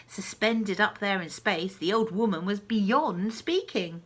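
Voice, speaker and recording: A woman reading a children's story aloud, with slow, expressive delivery and hushed asides. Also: medium pitch, slightly rough.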